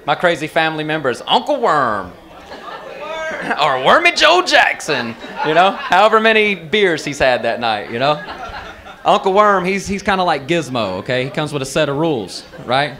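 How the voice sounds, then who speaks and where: Over crowd noise, a stand-up comedian in his thirties from the American South speaks in a fairly high, animated voice at normal speed. Working a bar open mic in his Southern accent, he tells loose, profane stories peppered with drawled asides.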